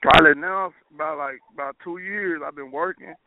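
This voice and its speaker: A man's voice: on the high side, brisk, vocal fry, a crowd in the background. A young man, a rapper guest talking casually and laid-back, full of "like" fillers. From Pine Bluff, Arkansas, US. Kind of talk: casual interview over phone. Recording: tinny phone line.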